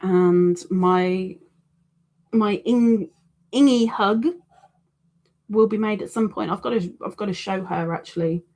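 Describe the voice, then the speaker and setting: A woman's voice: mid-range voice, fairly even intonation, a little slow, dark tone. Chatty woman crocheting on a live stream. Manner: chatty, self-deprecating, rambling with restarts. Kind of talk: casual live-stream chat, reading viewer comments.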